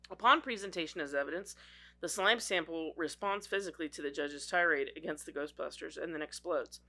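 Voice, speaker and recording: Co-host, bright, sharp tone, giggly, loose casual chat. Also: mid-range voice, fairly quick. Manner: laughs often, trails off with fillers. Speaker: podcast co-host.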